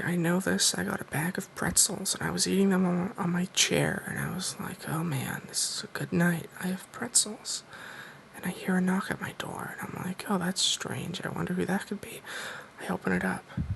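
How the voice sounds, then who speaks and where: A man telling a mock-serious story in a soft-spoken, deadpan ASMR style. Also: high-pitched, moderate pace, vocal fry, rough recording. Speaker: ASMR creator.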